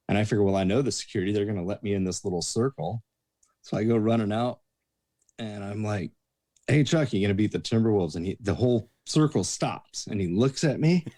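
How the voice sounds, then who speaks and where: Low-voiced man telling bar stories. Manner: lively storyteller acting out quoted voices. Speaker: guest, bouncer and bartender. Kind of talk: casual anecdote telling.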